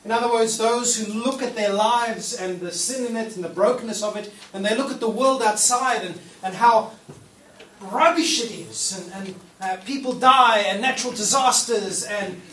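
High-voiced man preaching in an echoey hall. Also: normal speed, bright, forceful tone. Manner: conversational and playful, acting out quoted prayers. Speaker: pastor. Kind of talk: sermon. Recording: echoey room, mic at a distance, faint noise.

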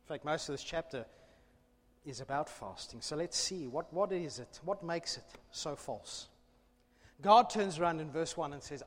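A man preaching an emphatic, animated sermon in a church, with self-deprecating asides. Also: fairly high pitch, normal speed, big-room sound. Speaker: pastor.

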